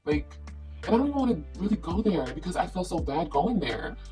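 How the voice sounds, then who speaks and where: A woman's voice: on the low side, expressive, fairly quick. Play her as a blunt, foul-mouthed woman vlogger ranting over background music. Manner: blunt, profane, confrontational. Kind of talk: ranting live video.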